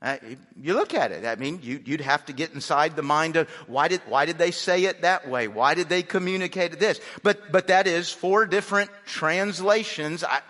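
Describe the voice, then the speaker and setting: A man's voice: a little high, normal speed, few pauses, bright, forceful tone. A man teaching a live Bible study, talking with the group in a conversational way, stopping to quiz them and explain each point. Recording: long reverb in a large room.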